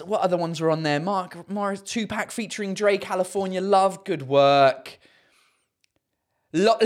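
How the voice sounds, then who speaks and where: A man from England, a comedian, chatting casually on a livestream, rambling and self-mocking as he reads viewer comments. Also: sits high. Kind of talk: casual live chat reading comments.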